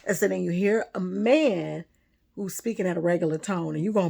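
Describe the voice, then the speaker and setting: Woman, loud, laughing, gravelly, unhurried, lively pitch. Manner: loud, laughs often, animated storytelling. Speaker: spiritual vlogger. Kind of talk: casual monologue.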